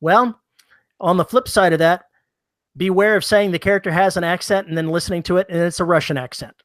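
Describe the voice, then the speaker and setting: A man with a fairly high voice co-hosts a casual podcast. He teases his partner and pokes fun at himself in a wry tone. The studio mic gives a close, dry sound. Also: brisk, fairly bright tone, no echo. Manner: wry, self-deprecating, teasing. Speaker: podcast co-host.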